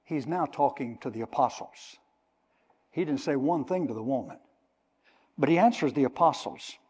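A man's voice: fairly high pitch, moderate pace, a little mellow, slightly rough. An older man preaching a sermon in a church, emphatically explaining Greek words. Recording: long reverb of a hall.

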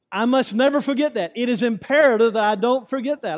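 Pastor, male, high-pitched voice, emphatic repeating sermon delivery, long church reverb. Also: fast talker, hardly any pauses. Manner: repetitive, emphatic preaching with rhetorical questions. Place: church sanctuary.

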